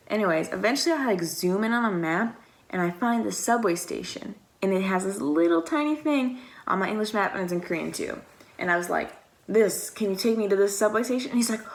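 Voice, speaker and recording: A woman's voice: medium pitch, gravelly. A young woman from the United States telling a long story in a casual, rambling vlog style, with lots of "like" and acted-out quotes. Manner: rambling and chatty, heavy use of "like"; acts out quoted exchanges. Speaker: vlogger.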